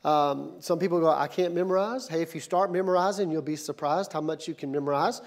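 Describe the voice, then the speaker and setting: A male pastor preaching a sermon in a church, moving from calm teaching to shouted, energetic call-and-response. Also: on the high side, a little fast. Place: church sanctuary.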